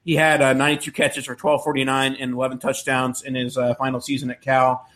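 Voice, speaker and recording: A man's voice: medium pitch, completely flat delivery, fairly quick, fairly bright tone. Man breaking down picks on a podcast. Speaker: podcast co-host. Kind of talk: casual podcast chat.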